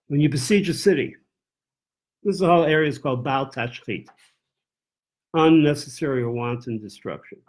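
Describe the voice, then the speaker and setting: A man's voice: mid-range voice, darkish tone. A man teaching as a rabbi in a text-study class. He reads verses aloud in Hebrew, translates them and thinks aloud with restarts and self-corrections.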